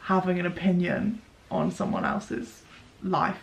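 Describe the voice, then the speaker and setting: A woman's voice: lowish voice, sing-song, gravelly, a little hiss or hum, rough recording. A young woman in her twenties hosting a casual chat to camera with her boyfriend, agreeable and chatty, full of "like" and "yeah". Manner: quick, agreeable, lots of "yeah" and "like". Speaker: vlogger host.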